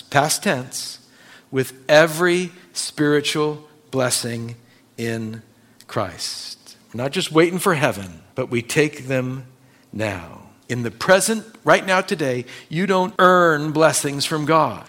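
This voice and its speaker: A man preaching a sermon, quoting scripture with emphatic stresses that drop to quiet endings. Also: on the high side, expressive, measured pace. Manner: emphatic, swings between loud stresses and quiet drops; quotes scripture and stresses single words. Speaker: pastor.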